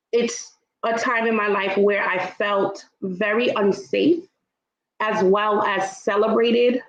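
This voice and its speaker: A woman from Trinidad with a Trinidadian and New York accent speaks emphatically as a panelist in a casual online travel talk, often asking "right?". Her voice is medium-pitched, and the recording sounds roomy and muffled.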